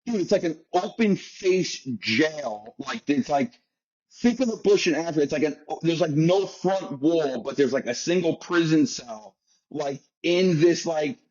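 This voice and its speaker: Husky American man telling a rambling story. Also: fairly high pitch, expressive, a little mellow, muffled recording. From United States. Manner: rambling, profane, fast bursts. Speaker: guest. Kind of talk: casual storytelling.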